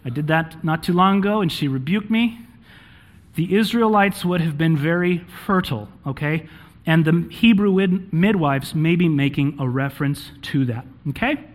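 A married man preaches in a slightly high voice. He reads scripture aloud and explains it in plain terms. He keeps checking in with an "okay?" and scatters "um" between his points. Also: moderate pace. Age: adult, married. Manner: checks in with frequent "okay?", with fillers. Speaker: pastor. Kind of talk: sermon with scripture reading.

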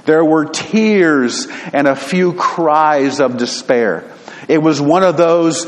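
A man preaching a sermon in an earnest, deliberate storytelling manner. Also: on the high side, huge pitch swings. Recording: long hall reverb.

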